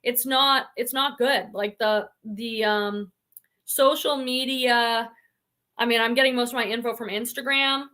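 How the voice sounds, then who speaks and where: On her reselling channel's casual live stream, a middle-aged host talks about selling online and reads out comments from viewers. Her fairly high voice stays steady and sharp, and her pace is measured.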